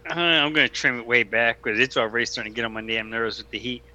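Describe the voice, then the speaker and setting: Man, very bright tense voice, blunt casual chat, swears. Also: medium pitch, steady tone, fast, low-quality recording. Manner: blunt, profane.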